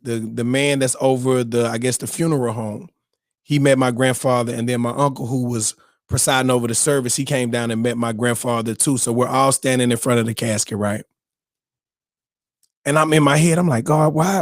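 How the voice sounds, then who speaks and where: A young man, tearing up, tells a heartfelt family story to his viewers. His voice sits in a middle pitch and sounds close and dry, with no room echo. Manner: addresses viewers as "y'all", tearful and heartfelt. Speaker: morning show host. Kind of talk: emotional personal storytelling.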